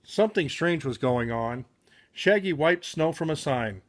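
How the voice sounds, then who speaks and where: A man's voice: on the high side, animated, unhurried. A man reading a children's picture book aloud with frequent slips and self-corrections.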